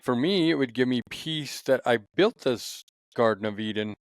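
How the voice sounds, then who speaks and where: A man's voice: mid-range voice, lively intonation, normal speed, no room sound. A man hosting a podcast in casual chat, laughing easily and sometimes searching for words. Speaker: podcast host.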